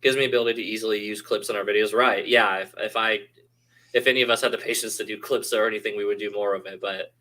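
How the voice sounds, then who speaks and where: A man's voice: lowish voice, fairly even intonation, fast, bright, forceful tone, poor audio. A man co-hosting a live-streamed podcast in casual, rambling chat, joking and swearing freely. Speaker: podcast co-host.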